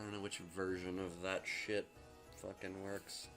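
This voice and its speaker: A man's voice: sits low, little pitch movement, a little slow, fairly bright tone, faint music behind. A young man casually reviewing a movie, rambling and swearing, with lots of fillers. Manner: rambling, profane, many fillers. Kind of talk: casual vlog commentary.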